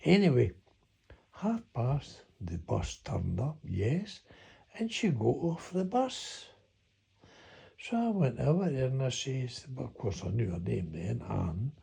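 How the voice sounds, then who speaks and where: A man's voice: medium pitch, very animated, slow pace, vocal fry, warm tone, breathy edge. An older man with a Scottish accent telling a rambling, folksy story from his past. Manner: rambling, folksy, chuckling as he recalls. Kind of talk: reminiscing monologue.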